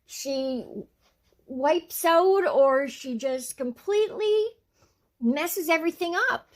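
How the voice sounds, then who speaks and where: High-voiced woman giving indignant commentary. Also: lively intonation, takes it slowly. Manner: indignant, scolding. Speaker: channel host. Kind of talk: casual commentary.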